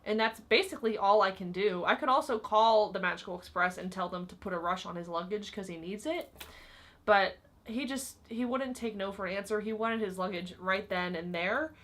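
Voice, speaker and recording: A woman's voice: medium pitch, moderate pace, fairly bright tone. A young woman vlogger casually telling stories about her old job, chatty and full of "like" and "um". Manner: chatty, frequent fillers like "like" and "um". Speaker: vlogger recounting work stories. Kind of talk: casual storytelling to camera.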